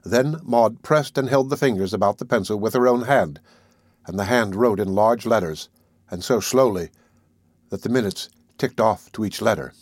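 A man narrating an audiobook in the first person, reading in a measured, dramatic way. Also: fairly low pitch, no echo, clean studio sound.

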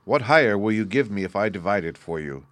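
Male reader as a grave storybook hero, low voice, measured and solemn, dry close sound. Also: animated, fairly bright tone, no echo. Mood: calm. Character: noble young hero, man, grave and fair.

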